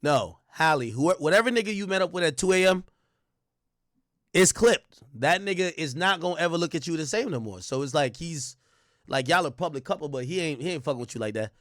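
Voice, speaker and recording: A man's voice: a little high, expressive, brisk, fairly bright tone, no echo, studio quality. A young man streaming commentary, reading documents aloud and reacting bluntly with lots of profanity.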